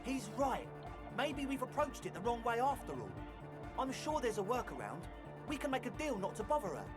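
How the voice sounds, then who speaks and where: A woman's voice: a little high, big pitch swings, moderate pace, music in the background. An actress voicing an earnest young woman in a video game who is an enthusiastic techno dance fan.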